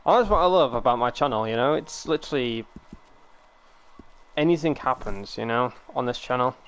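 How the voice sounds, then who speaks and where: A man's voice: mid-range voice, expressive, moderate pace, a bit bright, a little hiss or hum. A young man from the United Kingdom, chatting casually and rambling to his viewers while streaming a game. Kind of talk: casual live-stream chat.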